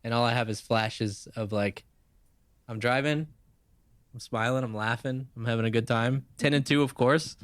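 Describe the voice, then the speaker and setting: A man's voice: medium pitch, normal speed, smooth, dry recording. A man co-hosting a podcast, telling a rambling, profane story in casual chat. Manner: profane, animated anecdote-telling with laughs. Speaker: podcast co-host.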